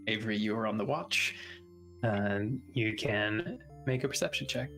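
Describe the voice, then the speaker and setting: A man running a tabletop game as game master, pausing to check rules and then narrating a night scene slowly and atmospherically. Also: fairly low pitch, expressive, fairly bright tone, faint music behind, rough recording.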